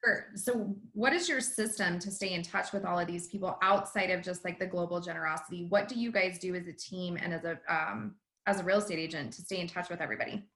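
A woman's voice: on the low side, fast, few pauses, fairly bright tone. A woman co-hosting a podcast, asking the guest direct conversational questions. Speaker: podcast co-host. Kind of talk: interview questions.

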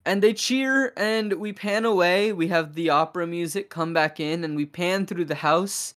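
Podcast host, casual film recap, animated delivery with quick character voicing. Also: mid-range voice.

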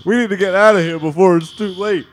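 A man's voice: high voice, fairly even intonation, fast talker, slight background noise, voice pushed up, close to an everyday voice. A man voicing a hip-shaking Elvis-like singer who drawls and calls everyone mamas. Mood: excited.

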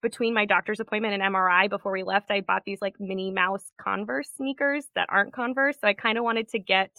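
Young woman guest, bright, dry-sounding voice, chatty storyteller. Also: medium pitch, fairly even intonation, quick pace, gravelly, no echo. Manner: chatty storytelling with frequent laughs. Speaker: podcast guest. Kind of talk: casual chat.

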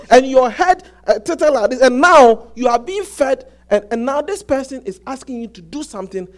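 A high-voiced man preaching to his congregation. He talks in halting bursts with many restarts and keeps asking whether they get it. The telling is animated and insistent. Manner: repetitive, asks the congregation "Do you get it?". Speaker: pastor. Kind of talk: sermon.

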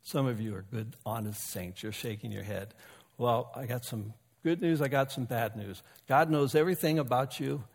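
A man's voice: medium pitch, normal speed, creaky, a little mellow. Folksy preaching man in a reverberant hall. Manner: folksy and conversational, with humor and asides to the congregation. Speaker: pastor. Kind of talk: sermon. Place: church sanctuary.

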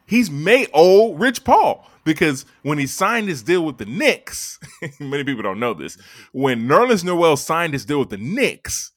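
A man hosting a sports podcast in casual chat, emphatic and quick to laugh. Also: on the high side, no echo, clean studio sound. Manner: animated, emphatic, laughs easily.

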